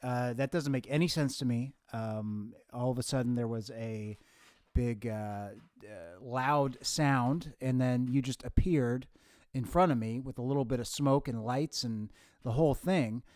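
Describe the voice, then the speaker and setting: A man's voice: mid-range voice, measured pace, a little mellow, no echo, clean studio sound. Bewildered man firing off questions. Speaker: host. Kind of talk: comedy sketch, talking to himself.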